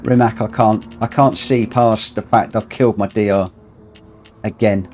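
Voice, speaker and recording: A man's voice: lowish voice, steady tone, measured pace, a little mellow, a little hiss or hum. A man commentating live on his own racing game, scolding himself ruefully after a costly mistake. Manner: exasperated, self-scolding, rueful. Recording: game music playing behind.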